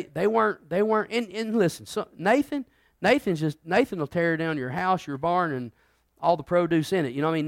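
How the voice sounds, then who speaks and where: Man preaching with loud and quiet swings. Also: a little high, dry recording, studio quality. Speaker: pastor. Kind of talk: sermon.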